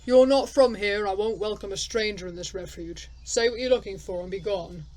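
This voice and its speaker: A woman's voice: medium pitch, moderate pace, a little mellow, lightly acted, rough recording. A woman reading as a stern old forest hermit. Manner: blunt, curt and unwelcoming.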